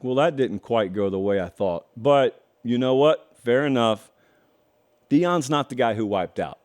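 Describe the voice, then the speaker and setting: A middle-aged Southern American man hosts a show, offering opinionated, folksy commentary with stretched-out words for emphasis and wry asides. His medium-pitched voice is expressive and unhurried, with a darkish tone.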